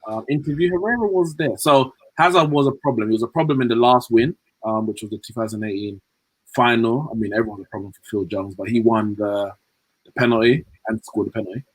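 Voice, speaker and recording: A man giving animated, joking football opinions as a podcast co-host. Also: mid-range voice, fast talker, slightly rough, no echo, poor audio. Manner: animated, joking, uses fillers. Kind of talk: casual chat.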